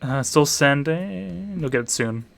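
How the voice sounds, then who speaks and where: A man's voice: fairly high pitch, animated, unhurried, gravelly, soft background music. A man, a teacher hosting a party game stream for students, chatting casually with dry offhand asides as he sets up rounds. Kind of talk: casual livestream chat.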